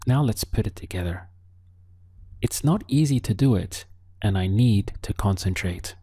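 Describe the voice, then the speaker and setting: Calm, deep-voiced man teaching slowly. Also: breathy edge, dry recording. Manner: calm, patient, models words slowly for repetition. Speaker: language teacher. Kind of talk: slow, deliberate spoken lesson.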